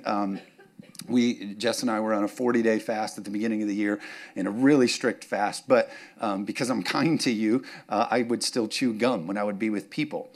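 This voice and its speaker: Joking pastor preaching a sermon. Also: male voice, on the low side. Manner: joking, conversational, rising to fervent exhortation.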